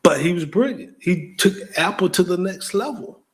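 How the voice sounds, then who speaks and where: Man hosting a motivational talk, casual and direct, stumbles and repeats words when excited, slightly high voice. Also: moderate pace. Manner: energetic, repeats himself and stammers when excited; casual, direct, speaks straight to the listener. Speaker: host.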